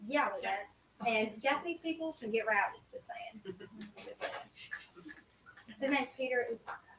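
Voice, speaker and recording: A woman telling travel stories to a group in a casual, animated way. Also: fairly high pitch, moderate pace. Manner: animated, acts out quoted lines. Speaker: student speaker sharing travel stories. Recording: echoey room from a distance, faint hiss.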